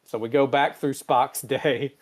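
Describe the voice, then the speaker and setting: A man co-hosting a podcast, casually recapping a show and acting out the characters in quick voices. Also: medium pitch, fairly even intonation, no room sound. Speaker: podcast co-host. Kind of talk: casual chat recapping an episode.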